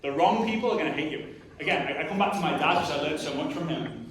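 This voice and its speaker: Punchy man speaking in a booming hall. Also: expressive, quick pace. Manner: direct, punchy, asks the crowd questions. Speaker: motivational speaker at a network marketing event. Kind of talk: live motivational talk to an audience. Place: large hall with a live audience. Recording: very echoey hall recorded from far off.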